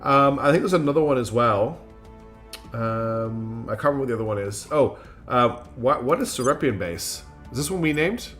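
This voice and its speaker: A man's voice: mid-range voice, lively intonation, moderate pace, a bit bright, faint music behind. A very tired man streaming a strategy game, chatting casually and rambling with lots of fillers and self-mocking asides. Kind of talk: casual gameplay commentary.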